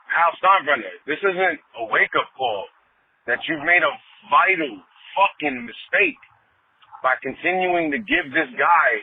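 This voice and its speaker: A man in his forties, a caller on a sports talk show, ranting angrily about his team with swearing and loud outbursts. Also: on the high side, very animated, a little slow, slight background noise. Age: 40s. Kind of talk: angry sports fan rant. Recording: tinny phone line.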